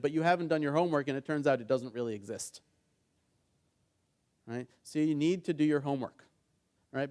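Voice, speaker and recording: A middle-aged man who works as a mediator, giving a conference workshop on negotiation. He keeps checking in with the audience and acts out the conversations in his examples. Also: a little high. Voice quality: engaging, keeps asking the audience "right?". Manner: animated storytelling, acts out quoted dialogue.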